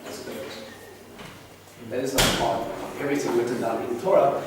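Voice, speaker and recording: A man giving an earnest, animated bible teaching to a congregation and asking them questions. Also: medium pitch, brisk. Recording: echoey room from a distant mic, noisy.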